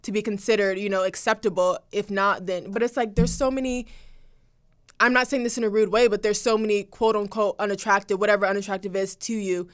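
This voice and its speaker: A woman's voice: medium pitch, fairly even intonation, brisk. A woman in her twenties talking as a guest in a casual chat, earnest and conversational. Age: 20s.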